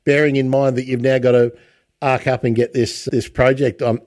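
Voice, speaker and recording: A man's voice: medium pitch, little pitch movement, darkish tone, no room sound. Aussie guy hosting an interview, chatty, keeps restarting, dry close sound. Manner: chatty, halting, many restarts. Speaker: podcast host. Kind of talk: casual interview.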